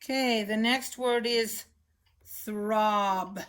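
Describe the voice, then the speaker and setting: Female phonics teacher, slightly high voice, unhurried and patient, enunciates every sound for kids. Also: steady tone, a bit bright. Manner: slow, patient, clearly enunciating words. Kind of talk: children's phonics lesson.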